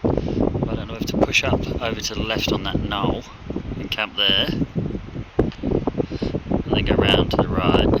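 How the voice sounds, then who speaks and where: A man's voice: on the low side, little pitch movement, moderate pace, heavy background noise. A man with a New Zealand accent rambling casually to his phone camera while climbing a mountainside, out of breath and dehydrated, swearing often. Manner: rambling, frustrated, swears a lot. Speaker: hunting vlogger. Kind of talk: casual outdoor vlog. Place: outdoors on a mountainside.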